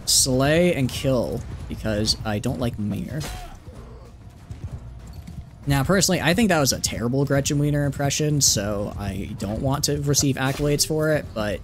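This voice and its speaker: A man's voice: medium pitch, slight background noise. A man streaming a game live, giving playful, rambling commentary full of "like" fillers. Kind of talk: casual live gameplay commentary.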